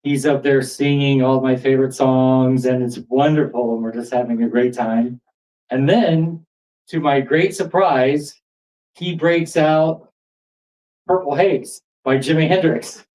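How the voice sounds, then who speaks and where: A man telling a true story at a live storytelling event in a pub, animated and building excitement. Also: mid-range voice, a little slow, far from the mic, rough recording. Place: pub stage before an audience.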